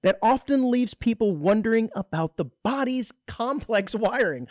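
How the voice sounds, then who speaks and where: A man's voice: very high-pitched, normal speed, no room sound. Wry, teasing male radio co-host. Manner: wry, teasing banter with a dry deadpan streak. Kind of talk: casual chat. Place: radio studio. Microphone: studio microphone.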